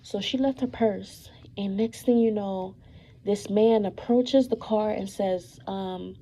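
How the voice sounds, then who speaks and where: A woman's voice: mid-range voice, takes it slowly, warm tone, rough recording. A young woman telling a long story about her mother in a casual monologue, emphatic and repetitive with many fillers and an accusing edge.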